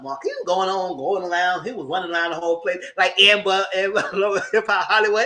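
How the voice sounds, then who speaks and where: A man's voice: high-pitched, a little fast, few pauses, noisy background. A man with hosting a casual live TV review, talking in slang, laughing often and acting out characters' lines. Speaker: host.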